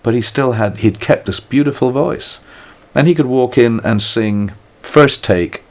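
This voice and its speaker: In a reflective, conversational interview, an older British musician speaks thoughtfully at a measured pace in a mid-range voice. He's wry and self-mocking and often starts his sentences over.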